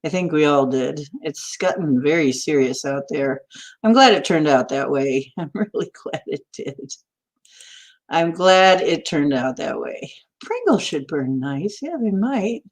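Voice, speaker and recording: A woman's voice: low-pitched, animated, measured pace. A woman hosting a casual chat, rambling and giggling between puns and jokes.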